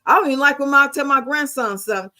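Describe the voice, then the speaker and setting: A woman's voice: high-pitched, quick pace, sharp tone. An American woman in her fifties telling stories in casual chat, blunt and heavily profane. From United States. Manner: blunt, profane, emphatic storytelling.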